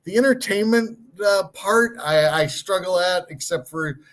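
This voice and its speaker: A man co-hosting a hockey podcast, talking casually in halting, self-deprecating bursts and often repeating words. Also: high voice, fairly bright tone. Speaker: podcast co-host. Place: hotel room.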